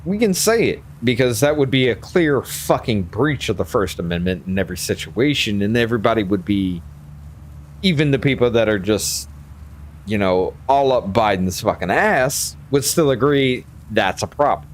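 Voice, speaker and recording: Tipsy man hosting a casual chat, lively swinging delivery, emphatic and profane. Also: fairly low pitch, moderate pace, slight background noise. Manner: emphatic, argumentative, swears freely. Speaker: host. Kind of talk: casual conversation.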